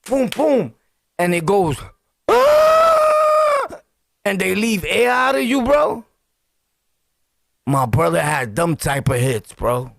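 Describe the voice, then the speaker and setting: Middle-aged New York man, vlogger storyteller, lively high voice with gravelly edges, dry close sound, slangy and laughing. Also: slow, long pauses, dry recording. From Brooklyn, New York. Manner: acts out scenes with loud yelps and sound effects; slangy, laughing, talks straight to viewers. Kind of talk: animated street storytelling.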